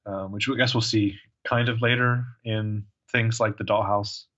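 A man's voice: lowish voice, little pitch movement, moderate pace, fairly bright tone, muffled recording. A man co-hosting a podcast in casual chat, joking and laughing as he talks. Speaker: podcast co-host.

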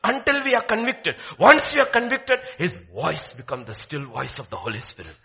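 Guy preaching, high bright voice, goes big then whispery. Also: lively intonation, moderate pace, gravelly. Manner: dramatic, swinging from loud declaiming to hushed pleading. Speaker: pastor. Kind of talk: sermon.

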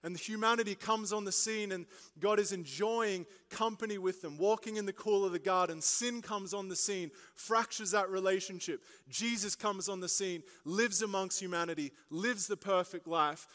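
A young man preaching a sermon, telling a lively story with jokes and asides before turning to his main point. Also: high-pitched, normal speed. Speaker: pastor. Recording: long reverb of a large hall.

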